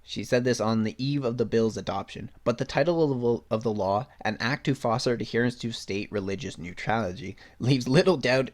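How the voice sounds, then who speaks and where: A man's voice: medium pitch, fairly quick, hardly any pauses. A young man hosting a solo podcast, reading news items aloud and breaking off into blunt, sarcastic rants with swearing. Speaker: podcast host.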